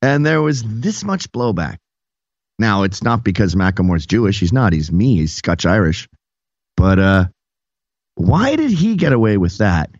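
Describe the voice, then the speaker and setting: Animated, mocking male podcast host. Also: lowish voice, a little slow, dry recording. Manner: animated, mocking, puts on voices. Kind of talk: casual comedic chat. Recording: dull dry lo-fi studio sound.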